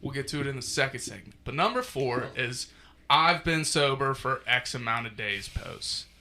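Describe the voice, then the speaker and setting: A man co-hosting a podcast, ranting loudly and crudely through a countdown list. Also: mid-range voice, moderate pace. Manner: loud, crude, animated ranting. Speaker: podcast co-host. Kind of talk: casual profane chat.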